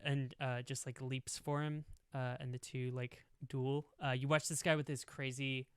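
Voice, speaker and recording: A man's voice: mid-range voice, level tone, normal speed, few pauses, clear, resonant tone, no room sound, studio quality. A young man narrating a tabletop game as game master, rambling with lots of fillers. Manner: rambling, full of "like" and "um".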